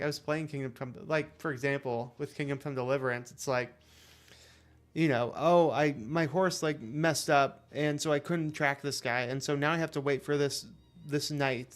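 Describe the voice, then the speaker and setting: A young adult man chatting casually while streaming a game; he rambles, leans on fillers, and is self-deprecating. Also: medium pitch. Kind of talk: casual gameplay commentary.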